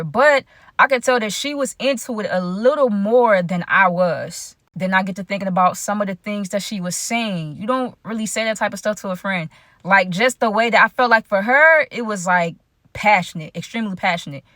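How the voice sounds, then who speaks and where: Storytime vlogger, woman, bright and slightly high, slangy, chatty, close dry sound. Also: a little fast, dry recording. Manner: chatty, addresses viewers directly; slangy, frequent fillers. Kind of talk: casual storytime vlog.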